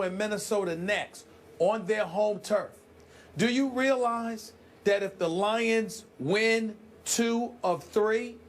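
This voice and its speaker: A man's voice: high voice, a little hiss or hum. A man co-hosting a sports debate show who talks in an emphatic, dramatic way and repeats lines for effect.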